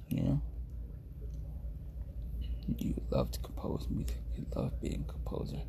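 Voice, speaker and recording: Gravelly man rambling to his viewers. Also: mid-range voice, wildly swooping pitch, fairly quick, slight background noise. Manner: rambling, easily distracted, slangy, self-amused. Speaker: streamer reading reviews to viewers. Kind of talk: casual chat.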